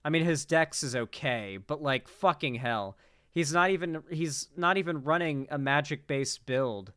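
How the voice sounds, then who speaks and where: Profane, fast-rambling man with a crisp voice. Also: a little high, bright, forceful tone, no room sound, studio quality. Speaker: political commentary streamer. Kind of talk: casual reaction commentary.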